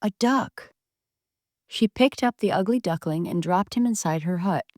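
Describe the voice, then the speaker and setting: A woman reading a bedtime story aloud in a gentle, expressive way. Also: lowish voice, unhurried, dry recording.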